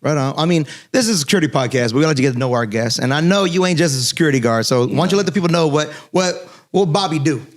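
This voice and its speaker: Host read: man, quick talker, slightly higher voice, relaxed friendly banter. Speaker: podcast host. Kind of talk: casual podcast chat.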